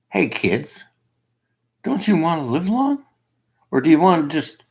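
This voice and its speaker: Gravelly husky man, rambling opinion monologue, wild pitch swings, slow delivery. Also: huge pitch swings, a little mellow. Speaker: self-made video commentator. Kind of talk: casual monologue.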